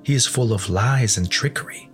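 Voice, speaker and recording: A man voicing a wise male pilgrim who speaks gravely, giving warnings. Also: medium pitch, normal speed, faint music behind, close to an everyday voice.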